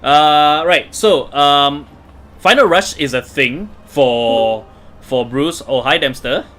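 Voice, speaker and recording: A man's voice: on the high side, takes it slowly, fairly bright tone. Chatty man hosting a livestream. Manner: chatty, laughs often, many fillers and restarts. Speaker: livestream host. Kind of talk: casual livestream chat.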